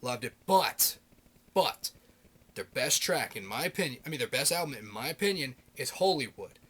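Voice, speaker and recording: A man in his thirties rambling excitedly in a casual video blog, swearing constantly and piling up fillers. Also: mid-range voice, moderate pace, breathy edge. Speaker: video blogger.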